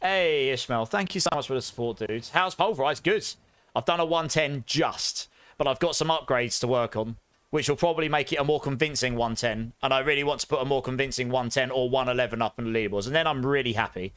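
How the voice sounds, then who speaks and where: A man's voice: mid-range voice, brisk, fairly bright tone, smooth, no room sound. A young man hosting a live game stream, chatting upbeat with viewers and calling out giveaway winners. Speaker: streamer host.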